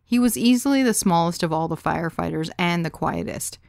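A woman's voice: lowish voice, brisk, creaky, a little mellow, no room sound. A woman narrating her own story in the first person, in a wry, confiding way.

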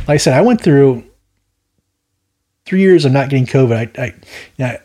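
A man's voice: mid-range voice, darkish tone. A man hosting a Bible study, teaching verse by verse with a rambling, opinionated delivery and frequent stammered restarts. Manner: rambling, stammers and repeats words, opinionated asides.

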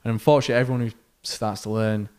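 A man's voice: on the low side, rapid-fire, clear, resonant tone. A young man, co-hosting a casual podcast chat and telling stories with lots of laughter. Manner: animated storyteller, laughs often. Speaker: podcast co-host, pilot.

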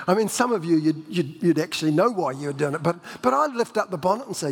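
A man's voice: sits high, animated, fast. A man preaching a sermon in a conversational, storytelling way, with frequent restarts and self-deprecating humor. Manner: many restarts and repeated words. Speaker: pastor. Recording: long reverb of a church hall.

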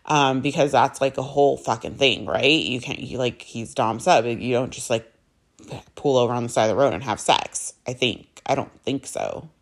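Chatty low-voiced young woman vlogger. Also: normal speed, creaky. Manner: chatty, many fillers, swearing, acts out both sides of conversations. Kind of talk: casual storytelling to camera.

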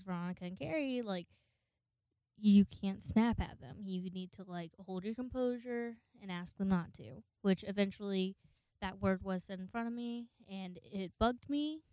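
Here a young woman in her twenties rambles through a story full of profanity, delivered as a casual monologue where she acts out other people's voices in quotes. Her medium-pitched voice is darkish, clear and resonant, recorded at studio quality without echo.

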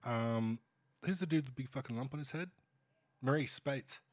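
A man's voice: medium pitch, moderate pace, no room sound. A man with an Australian accent co-hosting a casual sports podcast, joking in a dry, offhand way. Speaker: podcast co-host. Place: small room at a table.

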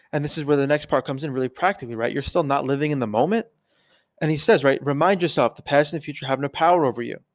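A man hosting a podcast, thinking aloud in a casual, conversational way and often checking in with a quick "right?". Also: fairly high pitch. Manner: conversational, keeps asking "right?". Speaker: podcast host. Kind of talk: casual reflective podcast talk.

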